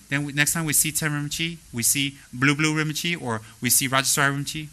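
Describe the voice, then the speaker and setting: Bright-voiced man giving a blunt dharma talk. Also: on the high side, brisk, few pauses, low-quality recording. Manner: animated, mimics people in quoted asides; blunt, straightforward admonishing. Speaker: spiritual teacher.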